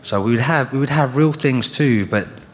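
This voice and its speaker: Answering fan questions on a convention stage, a British man in his thirties spins long rambling stories, acting out what other people said. His voice is medium-pitched and fairly bright at a normal pace, with the long reverb of a large convention hall full of audience.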